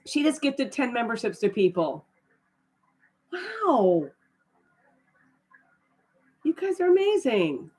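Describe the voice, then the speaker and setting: Her pitch fairly high and her voice husky, a middle-aged woman hosts a laid-back live stream, taking her time and leaving long pauses. Between trailing fillers she frequently lets out excited, surprised exclamations to her viewers.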